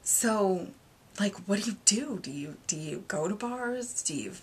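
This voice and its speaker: A woman in her thirties, a single mom, talking candidly in a confessional vlog, rambling and hesitant, with many pauses and fillers. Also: medium pitch, animated, husky. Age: 30s. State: emotional, near tears at moments. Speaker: vlogger.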